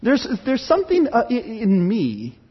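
A man's voice: very high voice, wildly swooping pitch, unhurried, slightly rough, muffled recording. A pastor preaching a candid, conversational sermon, acting out little dialogues and often restarting his sentences. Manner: stammering restarts.

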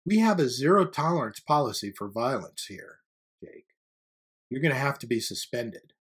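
A man voicing a firm, measured school principal woman. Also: rumbling low, sing-song, breathy edge, heavily acted. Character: stern but kind female school principal.

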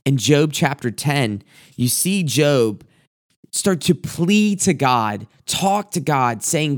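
A man's voice: a little high, lively intonation, slow, dry recording, studio quality. Earnest man preaching a sermon. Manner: earnest, repeats words when speeding up.

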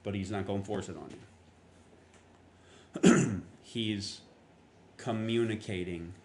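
A man's voice: slow pace, a little mellow. A man preaching a sermon, telling a personal story in a casual, conversational way and acting out the dialogue. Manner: conversational storytelling, acts out quotes with rising pitch. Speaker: pastor.

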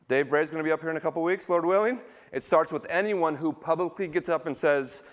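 A man's voice: on the high side, fast talker. Emphatic man preaching a sermon. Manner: emphatic, asks the congregation questions. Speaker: pastor.

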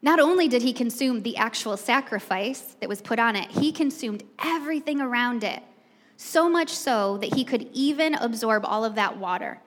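Preaching in a chatty, storytelling way, this woman addresses her congregation directly. Her fairly high voice is expressive and moves at a moderate pace, and a hall's long reverb trails her words.

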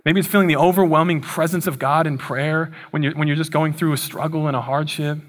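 A man delivers a sermon in a loose, chatty storytelling style, dropping slangy asides as he retells scripture. His voice sits a little on the high side for a man. He sounds like a pastor speaking to his congregation. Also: fairly even intonation, a little fast.

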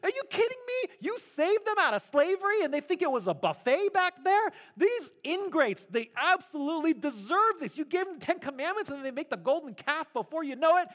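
Exasperated moses as a preacher acts him out, incredulous, pleading w god, voice way up high. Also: male voice, big pitch swings, fairly bright tone, heavily acted. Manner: indignant, rapid, incredulous.

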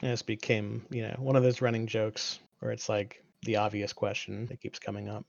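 Gravelly low-voiced man, lo-fi dry sound. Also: flat delivery, moderate pace, no room sound. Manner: laid-back, chuckling, trails off into asides. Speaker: podcast co-host. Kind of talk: casual chat.

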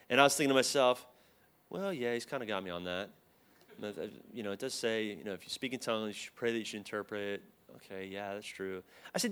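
A man's voice: on the low side, fast, clear, resonant tone. A man giving a casual storytelling sermon to a live group, acting out the voices in his anecdotes. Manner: animated, acts out both sides of dialogue. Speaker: speaker at a church teaching.

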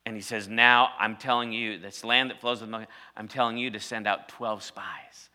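Bright-voiced preacher man telling a story. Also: fairly low pitch, fairly even intonation, moderate pace. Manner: storytelling preacher, rising to loud emphatic peaks. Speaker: pastor. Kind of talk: sermon.

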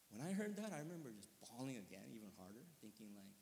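A male pastor preaching a conversational sermon, earnest and probing, often checking in with listeners, moving from quiet reflection to sudden emphatic bursts. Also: medium pitch, very animated, quick pace, hardly any pauses, slight background noise. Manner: earnest, often asking listeners with tag questions. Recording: long reverb of a large hall.

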